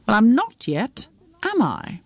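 A woman voicing an anxious middle-aged mother who is about to become a grandmother, speaking in halting, unsettled lines. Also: fairly high pitch, huge pitch swings, no room sound, voice pushed up, exaggerated voice. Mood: tense.

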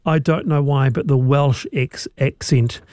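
A man's voice: mid-range voice, unhurried, a little mellow, no room sound, clean studio sound. A man hosting a late radio panel, chatty and playfully teasing his guests. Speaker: radio host. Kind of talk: casual radio panel chat. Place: radio studio.

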